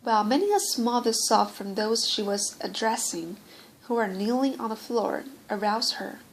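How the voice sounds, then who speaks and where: A woman narrating an audiobook in a steady reading voice that often stumbles and restarts words. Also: a little high, normal speed, a little hiss or hum, rough recording. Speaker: audiobook reader.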